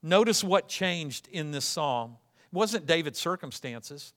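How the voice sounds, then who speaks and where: A man preaching a sermon as pastor, shifting from loud, joyful fervor to quiet, hushed reflection, with frequent repeated starts. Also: fairly high pitch, lively intonation, unhurried. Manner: repetitive restarts, swings from loud fervent to hushed.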